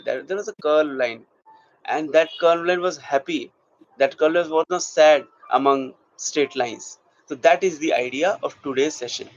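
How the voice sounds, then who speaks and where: A man teaching an acting class, explaining steps and checking in with his students. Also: on the high side. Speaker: acting coach. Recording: dull lo-fi recording.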